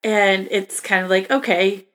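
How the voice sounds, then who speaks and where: A woman's voice: mid-range voice, fairly even intonation, fairly bright tone. A woman co-hosting a podcast, chatting casually about a movie and often trailing off as she looks for words. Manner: slow, searching, trails off mid-thought. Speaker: podcast co-host.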